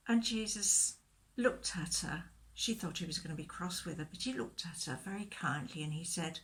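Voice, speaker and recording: A woman leading a children's church talk, telling a Bible story in a gentle, expressive way and asking questions, recorded for video. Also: fairly low pitch, normal speed.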